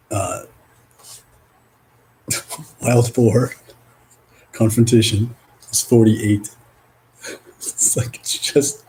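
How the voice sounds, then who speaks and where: A man in a casual spiritual vlog, reading oracle cards aloud, rambling and swearing, with loud and soft stretches. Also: lowish voice, a little hiss or hum, low-quality recording. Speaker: spiritual card reader.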